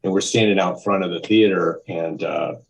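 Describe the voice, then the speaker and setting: A man in his fifties with a very low voice tells a story as a podcast guest. He rambles along in a candid, conversational way, restarting sentences and acting out what people said. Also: steady tone, normal speed, vocal fry, slight background noise, rough recording. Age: 50s. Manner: rambling, with frequent restarts and acted-out quotes. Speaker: podcast guest, music photographer.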